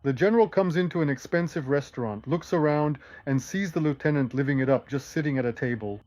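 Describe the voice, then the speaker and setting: A man hosting a show and telling jokes in a lively, animated way. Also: on the high side, brisk, no room sound. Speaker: host and joke teller. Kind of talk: casual joke telling.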